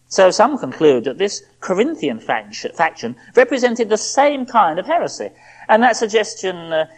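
A woman preacher with a slightly husky voice, moving through a Bible passage in measured, reasoning tones. Her pitch rises and falls a lot as she explains and makes her points. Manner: expressive, voices the apostle's pleas with feeling. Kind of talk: expository sermon.

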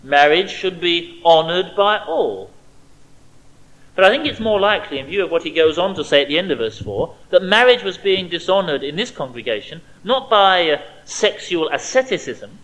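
A man preaching an expository sermon, stressing key words and dropping to quiet asides. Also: sits high, very animated, brisk, hardly any pauses, poor audio.

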